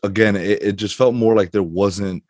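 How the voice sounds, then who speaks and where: Really deep dude, kinda halting and thoughtful, dry mic. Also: male voice, steady tone, darkish tone, no echo. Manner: thoughtful, hesitant, stammers on restarts. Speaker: podcast co-host. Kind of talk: casual chat.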